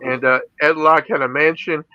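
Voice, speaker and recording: A man's voice: on the high side, steady tone, normal speed, dry recording, muffled recording. A middle-aged man from the Philippines, an interview guest and radio DJ, telling his stories in a casual way, laughing often and saying "you know" a lot. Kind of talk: casual storytelling.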